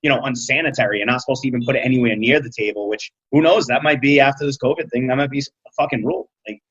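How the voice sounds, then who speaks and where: Husky-voiced man in casual talk. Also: mid-range voice, racing, fairly bright tone, no room sound. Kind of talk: casual chat. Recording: dull lo-fi podcast audio.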